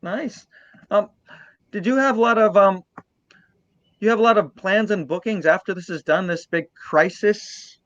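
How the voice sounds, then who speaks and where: A woman's voice: medium pitch, measured pace, long pauses. A woman hosting a casual interview who gives brief reactions and asks short questions. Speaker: podcast host. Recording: dull lo-fi dry sound.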